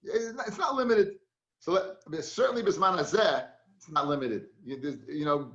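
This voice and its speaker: A man teaches a Talmud class in a chatty, storytelling style, mixing Hebrew and Yiddish words into his English. His fairly high, fairly bright voice moves at a moderate pace. The recording is dull, lo-fi and reverberant.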